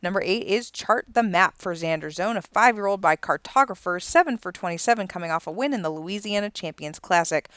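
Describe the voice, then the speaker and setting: A woman calling horse races live, her voice lifting and quickening as the field charges down the stretch. Between races she drops into easy, chatty talk about each runner. Her tone is smooth and clean, recorded dry and close with no room sound. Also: lowish voice, animated, a bit bright, no room sound. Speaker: race caller and stream host. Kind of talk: live horse race commentary with casual asides.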